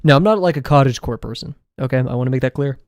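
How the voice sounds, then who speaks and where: A young man streaming his drawing session, rambling casually with viewers, self-deprecating and quick to laugh. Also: medium pitch, dry recording, studio quality. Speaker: drawing livestreamer.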